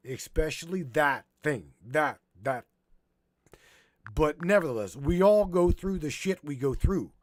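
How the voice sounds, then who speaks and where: Slow, emotional, swearing man host. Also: fairly high pitch, dry recording, studio quality. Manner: rambling, profane, choked up, halting restarts. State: choking up. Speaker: podcast host. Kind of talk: emotional live-stream monologue.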